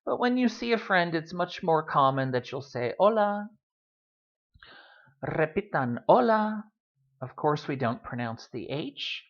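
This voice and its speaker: A woman teaching a beginner Spanish lesson in a relaxed, chatty way, with frequent "um"s. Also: sits low, moderate pace, hardly any pauses. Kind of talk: recorded language lesson. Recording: dull lo-fi recording.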